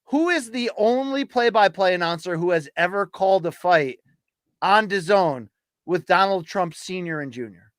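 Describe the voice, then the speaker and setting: A man's voice: sits high, expressive, moderate pace, a bit bright, clean tone, dry recording. Playful man, dry close sound. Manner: laughing, playful banter. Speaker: podcast co-host. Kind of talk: casual chat.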